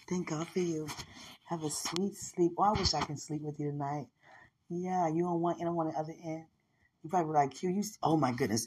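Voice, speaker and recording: A woman with a slightly hoarse voice, speaking a tender, rambling personal message to someone she loves. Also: low-pitched. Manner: tender, rambling, with frequent "you know" and soft laughs. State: a little hoarse. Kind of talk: intimate spoken message to a loved one.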